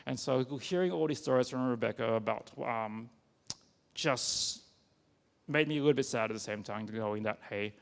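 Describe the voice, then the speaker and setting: A man giving a personal sermon, talking conversationally with halting restarts and many fillers. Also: mid-range voice, gravelly. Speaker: preacher. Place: church. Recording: long reverb of a church hall.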